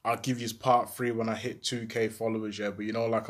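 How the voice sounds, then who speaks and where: A young man, casually telling his own story in a slangy, rambling, animated way. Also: on the low side, a little fast, hardly any pauses.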